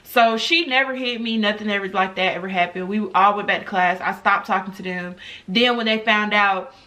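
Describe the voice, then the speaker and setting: On her vlog, a young American woman tells viewers a personal story in an animated, chatty manner. Her voice is mid-range and her speed is normal.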